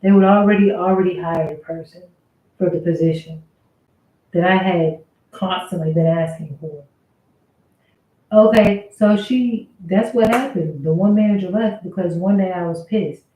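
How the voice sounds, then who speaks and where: A woman's voice: on the low side, moderate pace, warm tone. A woman telling a casual storytime about her workplace, venting in an aggrieved, conversational way with some swearing. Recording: roomy, phone-like thin sound.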